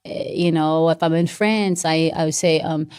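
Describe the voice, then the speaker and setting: Playful southern woman, low voice. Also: steady tone, a little mellow, clear, resonant tone. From Decatur, Georgia. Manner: playful, quick to break into impressions and other languages. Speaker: guest. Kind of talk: casual chat.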